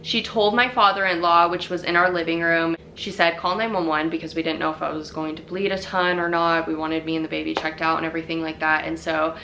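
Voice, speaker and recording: A young woman talks straight to her audience in a chatty, rambling way, scattering fillers as she goes. Her voice sits a little low and has a bright, forceful edge, with a faint hiss of noise underneath. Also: level tone, a little fast, few pauses. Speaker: vlogger telling her birth story. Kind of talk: casual storytelling to camera.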